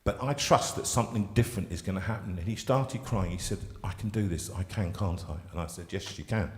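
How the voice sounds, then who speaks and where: Male host, lowish voice, halting heartfelt storyteller, recorded with a long room echo. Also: a little mellow. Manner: halting, emotional storytelling with many restarts. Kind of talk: live chat show storytelling.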